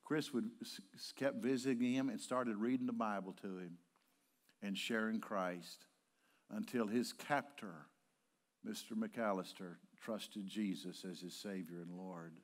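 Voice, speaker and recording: An older man, a pastor, preaching a sermon and telling stories, at times rising to impassioned shouting. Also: lowish voice, fairly even intonation, measured pace. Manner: storytelling, building to impassioned shouting. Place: church sanctuary.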